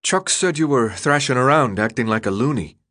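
A man voicing a grim, solemn teenage boy who speaks quietly and levelly. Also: mid-range voice, expressive, normal speed.

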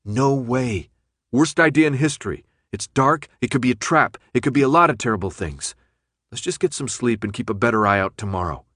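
A man's voice: medium pitch, expressive, fairly quick, fairly bright tone, dry recording, clean studio sound. A man voicing a cautious, exasperated teenage boy in an audiobook. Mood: anxious.

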